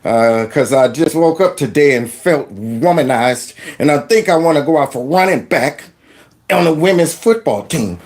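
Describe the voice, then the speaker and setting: A man's voice: fairly high pitch, normal speed. A man hosting comedic commentary, chatting and joking along with a video he plays. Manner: animated, joking, chatty, eggs on the clip.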